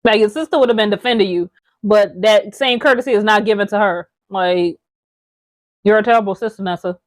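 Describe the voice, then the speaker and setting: A woman hosting a casual movie reaction, animated and stammering, talking back at the screen. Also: mid-range voice, brisk, dry recording. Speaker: reaction video host.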